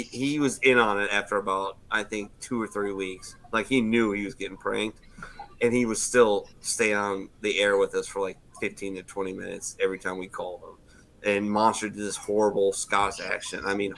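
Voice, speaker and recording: Low-voiced man telling crude stories. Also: a bit bright, slight background noise. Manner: crude storytelling. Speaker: podcast host. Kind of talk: casual chat.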